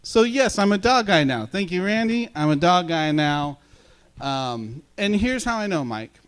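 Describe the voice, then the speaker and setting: A man's voice: high-pitched, lively intonation, a little slow, clean tone. A man preaching a casual sermon as pastor, chatty and self-deprecating, bantering with his congregation.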